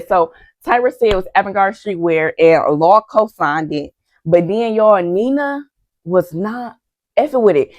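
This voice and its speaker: A young woman with a lowish voice recaps reality TV for her viewers, chatty and gossipy, calling them y'all and acting out quotes. The recording has no echo.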